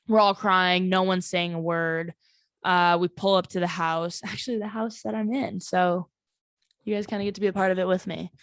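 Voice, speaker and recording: A woman in her twenties hosts a solo podcast from her family home, her mid-range voice captured cleanly in studio sound with no echo. She tells a personal story candidly and ramblingly, saying "like" constantly and swearing freely.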